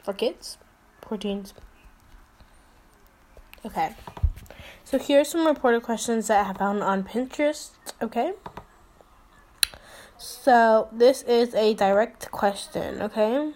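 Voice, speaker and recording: A woman's voice: fairly high pitch, takes it slowly, long pauses, a little mellow, slight background noise, low-quality recording. A teenage girl hosting a pretend talk show, rambling and giggly, with lots of fillers. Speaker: host. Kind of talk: casual chat with mock interview.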